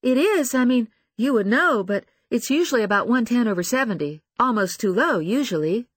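A man's voice: very high-pitched, animated, moderate pace, a bit bright, no echo, studio quality, voice pushed up, exaggerated voice. A man voicing a young woman pilot who acts nervous and sheepish in an audiobook. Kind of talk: audiobook character voice.

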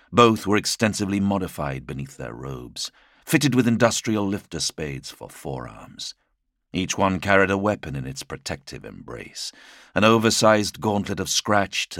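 A man narrating an audiobook in a dramatic, measured storytelling manner. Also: low-pitched, fairly bright tone, no echo, studio quality. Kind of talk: scripted narration.

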